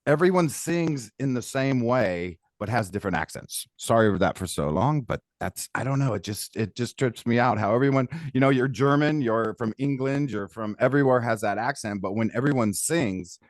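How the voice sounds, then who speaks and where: A man's voice: medium pitch, expressive, normal speed, few pauses, dry recording, clean studio sound. A man co-hosting a podcast, rambling casually with laughs and trailing sentences. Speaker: co-host.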